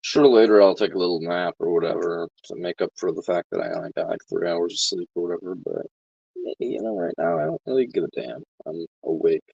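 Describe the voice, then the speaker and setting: A man with a very low voice delivers a casual vlog monologue. His tone is sarcastic and deadpan, and he swears often. The recording is dry and slightly dull. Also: brisk, gravelly, breathy edge, no room sound. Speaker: vlogger.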